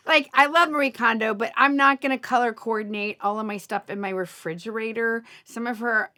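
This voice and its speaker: A woman's voice: a little high, a little fast, few pauses, sharp tone. A woman hosting a casual podcast chat as a coach, gushing and enthusiastic, laughing often.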